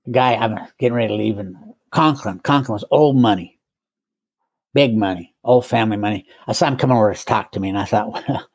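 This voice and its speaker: A man's voice: lowish voice, a little fast, no room sound. An older man, a guest, telling his recovery story in a conversational way, with wry self-mocking humor and frequent chuckles.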